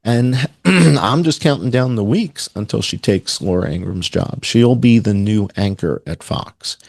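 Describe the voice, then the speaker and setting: A man's voice: fairly low pitch, expressive, measured pace, vocal fry, a little mellow, no room sound, studio quality. A man talking in a sarcastic, rambling way on a podcast, with mocking asides. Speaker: podcast guest. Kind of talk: casual conspiratorial chat.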